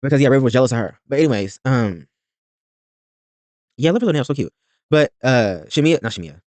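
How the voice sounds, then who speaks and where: A man's voice: mid-range voice, lively intonation, a little fast, darkish tone, no echo. A man hosting a reaction video, recapping a reality show in a rambling, blunt and profane way.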